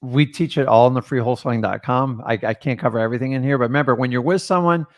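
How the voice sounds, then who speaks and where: A man's voice: mid-range voice, very fast. A middle-aged man with an ordinary, mid-range voice gives earnest advice. He talks straight to viewers in a casual coaching tone. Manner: earnest, advice-giving, addresses viewers as guys. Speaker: co-host, real estate investor.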